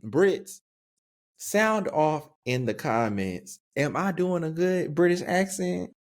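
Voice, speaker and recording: A young adult man co-hosting a podcast in casual, slangy chat. He laughs often and talks with an easygoing, animated manner. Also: on the high side, slow. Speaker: podcast co-host.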